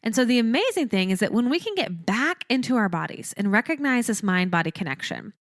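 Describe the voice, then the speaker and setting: A woman's voice: on the high side, big pitch swings, brisk, dry recording. Earnest woman podcast host, dry close sound. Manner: earnest and teaching, with repeated phrases for emphasis. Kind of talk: reflective solo podcast talk.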